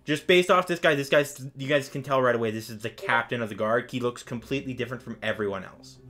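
A young man narrating a tabletop game as game master, casual and rambling. His voice sits at an ordinary pitch and often restarts mid-sentence. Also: quick pace, sharp tone.

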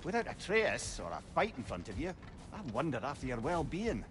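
A man's voice: mid-range voice, huge pitch swings, a little fast, noisy background. An actor playing a witty, talkative male companion in a video game, dry and wry. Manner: wry, chatty.

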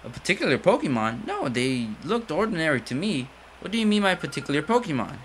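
Polite young woman, read by a man barely altering his voice, friendly and lively. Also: fairly high pitch, fast talker, a little hiss or hum, voice pushed up. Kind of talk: reading game dialogue aloud.

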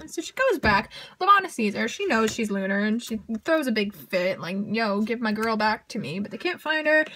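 A young woman reviewing books in a casual vlog, bubbly and gushing, with quick asides and frequent giggles. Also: fairly high pitch, fairly bright tone, slight background noise. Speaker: book reviewer.

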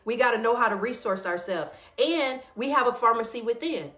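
Woman on a morning livestream, kinda high voice, hyping folks up by name, goes slow and thoughtful on her notes. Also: roomy sound. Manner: animated, greets viewers by name, hypes them up; turns slow and reflective when reading her notes. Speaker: host of a morning live stream. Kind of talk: casual motivational live-stream talk.

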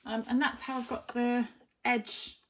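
A woman's voice: on the high side, flat delivery, unhurried. A woman chatting through a live-streamed craft tutorial. She thinks aloud with many ums and greets viewers by name as she works. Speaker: papercraft demonstrator. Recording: clear background noise.

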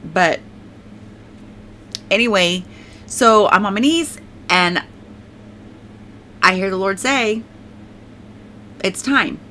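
A woman tells her faith testimony in a loose, rambling way, full of "like" and repeated phrases. Her voice is bright and forward at a middle pitch. She often breaks off to praise God aloud. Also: takes it slowly, long pauses, a little hiss or hum. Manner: rambling and emphatic, heavy filler "like", repeats herself; prays aloud. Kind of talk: casual spoken testimony.

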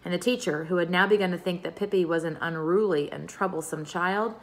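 A woman reading a children's storybook aloud in an expressive way. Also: on the low side, fairly quick. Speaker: reader.

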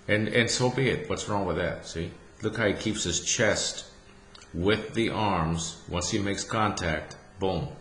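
A middle-aged golf instructor with a lowish voice talks through a swing in a folksy, chatty way, often stopping to ask "see?". The room gives his voice a clear echo, and faint ambience sits underneath. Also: a little slow, fairly bright tone, a little hiss or hum. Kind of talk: casual swing-analysis commentary over video.

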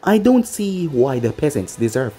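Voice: mid-range voice, big pitch swings, normal speed, dark tone, breathy edge, soft background music. A storybook narrator voicing a smug, pampered nobleman who gives haughty, demanding orders.

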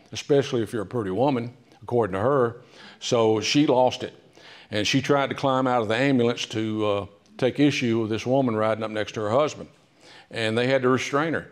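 A man speaks at a library author talk in an ordinary mid-pitched voice, spinning history into chatty, humorous anecdotes. He pauses often with "uh" and restarts as he goes. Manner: chatty, humorous, with frequent "uh" fillers. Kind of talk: casual storytelling talk. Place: public library meeting room.

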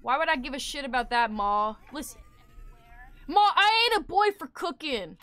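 A woman putting on a whiny, bratty southern kid boy who nags his mom loudly, as a comedic voice while streaming a game. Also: high-pitched, big pitch swings, moderate pace, full character voice. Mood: bossy yelling. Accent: Southern US, put on. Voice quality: whiny, loud and demanding.

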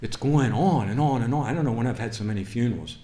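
A male pastor preaching a sermon in a church, moving from quiet asides to fervent, rising preaching. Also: mid-range voice, fast talker. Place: church sanctuary. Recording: roomy church reverb.

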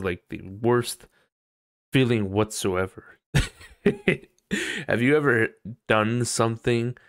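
A man with a low, gravelly voice talks through a casual solo podcast monologue. He rambles, swears freely and breaks into sudden animated outbursts. The sound is dry and close, with no room echo. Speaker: podcast host.

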